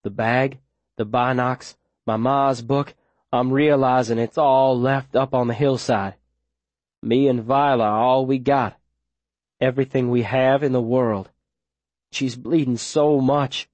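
A man narrates an audiobook in the first person, pressing the story forward with urgent, tense energy. His voice sits in an ordinary middle pitch for a man. The recording is dry and close, with no room sound around it. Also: fairly even intonation, measured pace, no room sound. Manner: urgent, tense storytelling with sudden shouted lines.

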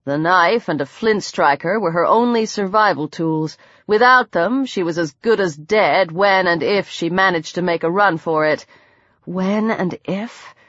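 A woman's voice: fairly low pitch, moderate pace, a bit bright, no echo, highs cut off. A woman reading a thriller audiobook as narrator, building into tense, dramatic passages. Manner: tense, dramatic reading that rises into fighting cries. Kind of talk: scripted narration.

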